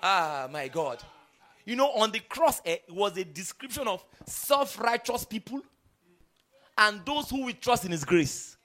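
A male preacher delivers an emphatic sermon with an unusually high voice. His tone is bright and forceful, and it swings between loud bursts and low, quiet passages. He keeps checking that his listeners are following. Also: expressive, measured pace.

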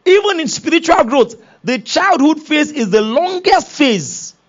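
A man's voice: very high-pitched, sing-song, a little slow, lo-fi sound. A man preaching a sermon, acting out quoted voices and laughing often. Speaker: pastor.

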